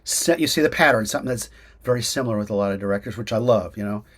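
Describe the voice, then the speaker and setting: Racing along in a fairly low voice, a man who acts and teaches acting gives casual interview answers over video call, animated and full of fillers and false starts.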